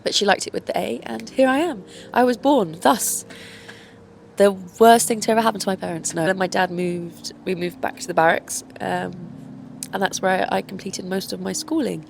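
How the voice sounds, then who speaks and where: A woman's voice: medium pitch, brisk, vocal fry, a little hiss or hum. A young woman from Northern Ireland and Kent, chatting casually to camera in a rambling way and swearing freely. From born in Northern Ireland, grew up in Kent, England. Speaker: vlogger.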